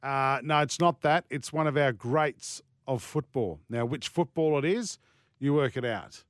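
A man's voice: medium pitch, measured pace, dry recording, clean studio sound. A middle-aged Australian man co-hosting a sports radio show, teasing his co-host with casual banter and frequent laughs. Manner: teasing, jokey, laughs often.

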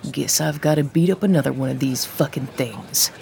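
A woman reading a story aloud, voicing a tough, foul-mouthed man in a gruff, low voice. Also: a little fast, mellow, a little hiss or hum. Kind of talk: audiobook character voice.

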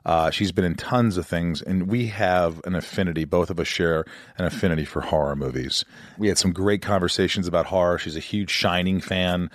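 A middle-aged man from the United States hosts a podcast in a casual, joking tone. His voice sits on the low side. The sound is dry and close to the mic. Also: fairly quick, no room sound. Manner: joking, self-deprecating, animated. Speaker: podcast host. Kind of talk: casual interview chat.

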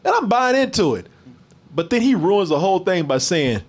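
A man hosting a casual movie review stream, animated, profane and mocking. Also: sits high, moderate pace.

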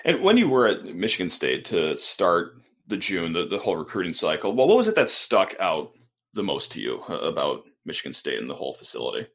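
Sports podcast guy, super lively up and down delivery, joking around. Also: sits low, a little fast. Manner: energetic, joking, animated. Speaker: podcast host. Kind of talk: casual sports podcast talk and ad read.

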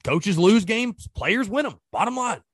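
A man's voice: high voice, lively intonation, unhurried, breathy edge, dry recording, clean studio sound. A man hosting a sports podcast, ranting in an exasperated way and firing off rhetorical questions in casual commentary.

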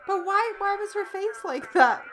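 Lively, sarcastic young woman. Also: very high-pitched, a crowd in the background. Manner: playful, sarcastic, quick to laugh. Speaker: co-host of a movie reaction. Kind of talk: casual reaction chat. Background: film soundtrack playing loud.

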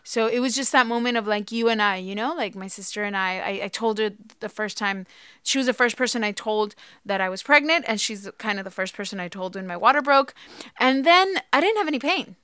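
A woman in her thirties telling a personal story in casual chat, animated and acting out quotes. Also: a little fast, clean tone, dry recording, clean studio sound. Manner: animated, acts out quotes with big pitch jumps. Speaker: podcast co-host, mother.

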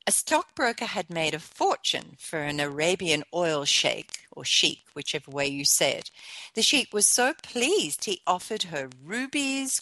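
A woman hosting a motivational talk show, speaking with conversational asides and gentle encouragement. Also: fairly low pitch, no echo. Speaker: show host.

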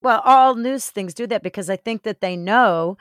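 A woman's voice: medium pitch, normal speed, no room sound, studio quality. A woman co-hosting a podcast, chatting casually and agreeably. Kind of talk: casual chat.

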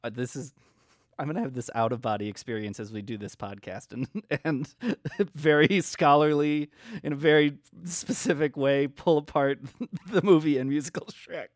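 A man's voice: a little high, moderate pace, dry recording, clean studio sound. A man co-hosting a podcast in casual chat, talking freely, laughing often and trailing off mid-thought. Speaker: podcast co-host.

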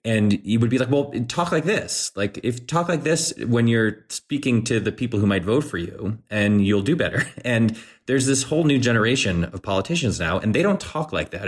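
A man co-hosting a podcast, giving casual political commentary in an earnest, conversational way with playful quoted asides. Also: on the low side. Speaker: podcast co-host.

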